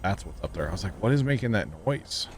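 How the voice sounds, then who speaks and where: A man chatting casually while livestreaming a video game, rambling and joking as he thinks out loud. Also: on the low side, animated, fast, a little hiss or hum. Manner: rambling, jokey, thinking aloud. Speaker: game streamer. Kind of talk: casual gameplay livestream chat.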